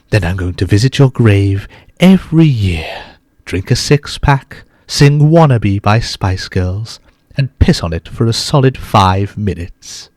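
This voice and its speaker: A man putting on the voice of a creepy cartoon vampire, reading a threatening letter in a slow, drawn-out, theatrical way. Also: lowish voice, a little mellow, no room sound, clean studio sound, natural voice.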